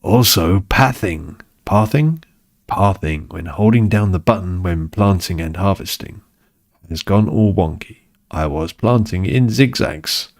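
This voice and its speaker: A deep-voiced British man rambles through a casual gaming stream. He drifts from topic to topic, swears freely and hams up his irritation. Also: animated, a little slow. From United Kingdom. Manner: rambling, swears, mock-exasperated. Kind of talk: casual chat while gaming.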